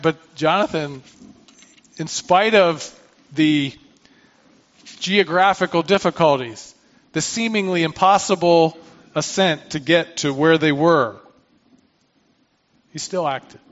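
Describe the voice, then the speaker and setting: A man's voice: a little high, slow, pauses often, highs cut off. A man preaching a sermon, reading scripture aloud and then explaining it in a conversational way with asides and restarts. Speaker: pastor.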